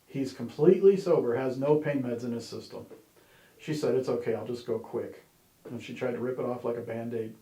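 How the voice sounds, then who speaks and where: Guy telling his story at church, candid and wry, mid-pitched voice, echoey room. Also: little pitch movement, fairly quick, dark tone. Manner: candid, conversational, wry humor, many "you know"s. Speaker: church member sharing his testimony. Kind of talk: personal testimony storytelling. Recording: roomy echo.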